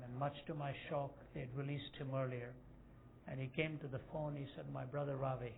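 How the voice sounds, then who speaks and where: A man in his sixties preaching a sermon to a group of men, telling stories that rise to loud, emphatic peaks. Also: a little high, vocal fry. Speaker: evangelist speaker. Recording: tinny phone-like lo-fi recording with faint hiss.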